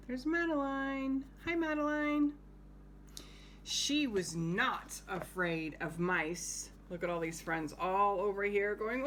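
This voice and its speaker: Slow, gentle woman reading aloud. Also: fairly low pitch, slight background noise. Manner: slow, gentle, pausing to point out pictures and ask questions. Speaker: home-school teacher. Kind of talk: reading a picture book aloud to young children.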